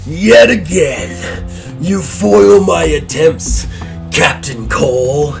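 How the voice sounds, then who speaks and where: A looming robot Viking king, as a game master puts him on, slow and threatening. He speaks higher and louder than an everyday talker, with a somewhat distant ring. Each line lands like a challenge. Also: vocal fry, soft background music, exaggerated voice. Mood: menacing. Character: booming male robot Viking king, menacing.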